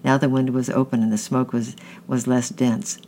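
A man's voice: medium pitch, little pitch movement, normal speed, dark tone, slight background noise. A man reading a children's novel aloud in a plain way, often slipping and restarting words. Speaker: audiobook reader.

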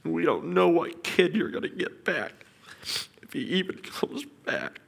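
A man's voice: fairly high pitch, expressive, a little slow, creaky. A middle-aged man giving an earnest, emotional personal testimony as a father. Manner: earnest, emotional storytelling with quiet whispered prayers.

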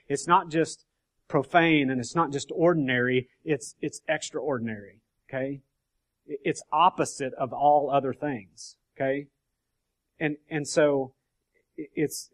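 A man's voice: on the high side, a bit bright. A man leading an informal Bible study, explaining scripture in a conversational way, often checking in with his listeners and restarting his sentences. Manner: conversational, frequent "okay?" check-ins and restarts. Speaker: bible teacher.

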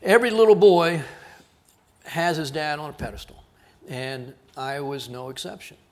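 This man from South Texas is a pastor giving a sermon, his voice sitting a little high at a moderate pace. He speaks earnestly and lowers to a quiet emphasis whenever a key word lands.

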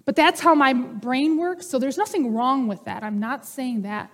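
A woman pastor preaches in a relaxed, conversational way and slips humor into her teaching. Her voice sits somewhat high. The sound carries a long hall reverb. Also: moderate pace. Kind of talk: sermon.

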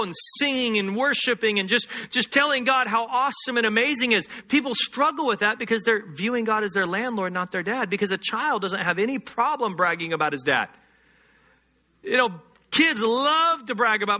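A man's voice: sits high, expressive, a little fast, pushed and bright. A man preaching a sermon as a pastor, emphatic, repeating phrases and acting out short quoted voices.

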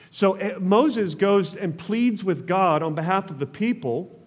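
A man's voice: sits high, unhurried, in a large hall. A man preaching a sermon as pastor, passionate, calling on the congregation to respond.

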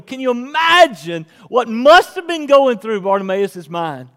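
A man's voice: high voice, very animated, moderate pace, few pauses, a bit bright, in a large hall. A man preaching a sermon as pastor, building to pleading emphasis as he reads the text.

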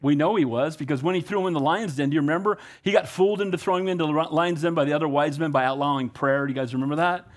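A middle-aged pastor preaching a conversational, animated sermon, often asking his congregation "Amen?". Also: on the high side, racing, hardly any pauses.

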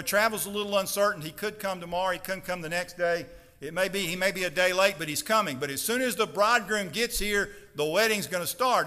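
A high-voiced, bright-toned man preaching from the pulpit. He presses his points with emphasis and rises to loud declarations, and his voice rings through the long reverb of a large church hall. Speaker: pastor. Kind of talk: sermon. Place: church sanctuary.

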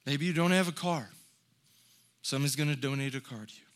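A man's voice: fairly high pitch, quick pace. A man preaching a sermon, speaking earnestly and telling folksy stories before building to emphatic exhortations. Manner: folksy storytelling with light laughs. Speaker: pastor.

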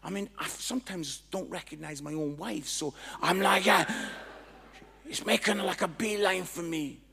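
Gravelly pastor telling a story. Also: male voice, sits high, normal speed, crowd noise. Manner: animated, acts out both sides of dialogue. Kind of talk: sermon storytelling.

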